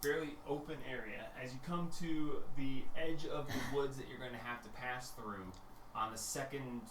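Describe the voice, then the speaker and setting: A man's voice: mid-range voice, fairly even intonation, moderate pace, distant mic. A man narrating as game master for a tabletop game, laid-back and rambling. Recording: echoey room, from off mic, faint noise.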